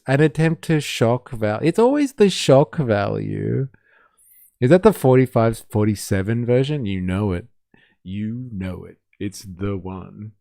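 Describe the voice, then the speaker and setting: Slow, gravelly Western Sydney man. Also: fairly low pitch, expressive, warm tone, no room sound, clean studio sound. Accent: Western Sydney Australian. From Australia. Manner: sarcastic, teasing, swears freely. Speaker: live stream host. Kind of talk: casual reaction stream chat.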